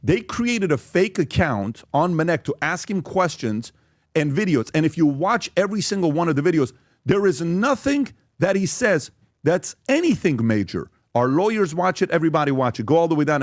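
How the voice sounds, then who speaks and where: Speaking in a slightly high voice, a man hosting a podcast goes over social media posts and questions emphatically, repeatedly asking "okay?" It's a dry recording with clean studio sound.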